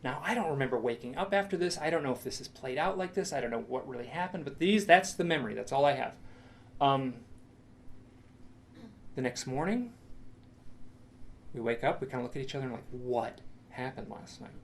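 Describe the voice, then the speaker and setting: Recounting something that happened to him, an expressive middle-aged man speaks in a lecture room with a gravelly, fry-edged, mid-range voice. His delivery is halting and storyteller-like, full of restarts, repetition and dramatic quoted asides, over faint background noise.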